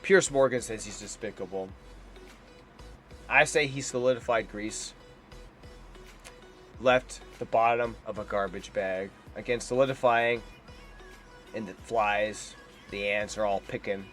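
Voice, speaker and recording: A man's voice: lowish voice, a little slow, pauses often, a bit bright, faint music behind. A man giving heated, scornful reaction commentary on a debate clip. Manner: indignant, heated and scornful, ranting. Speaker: political commentator.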